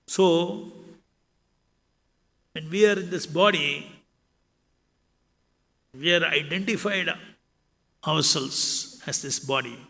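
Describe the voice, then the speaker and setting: A man lectures on scripture at a slow, deliberate pace, reciting Sanskrit verses along the way. His voice sits a little high and has a gravelly edge. It rings with the long reverb of a hall. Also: pushed and bright. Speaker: spiritual lecturer.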